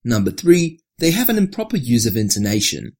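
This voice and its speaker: Narrator for an article read-through: husky tone, lively pitch, scripted delivery. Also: brisk. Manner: reads with marked rises and drops, lower for attributions.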